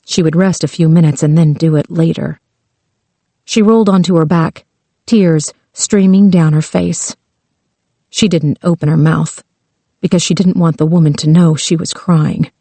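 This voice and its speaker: A woman narrating a thriller audiobook with a slow, tense delivery. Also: low voice, steady tone, mellow, no echo.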